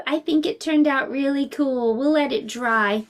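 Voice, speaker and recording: A woman teaching a preschool class, speaking gently and expressively to young children and reading a picture book aloud. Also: high-pitched, unhurried.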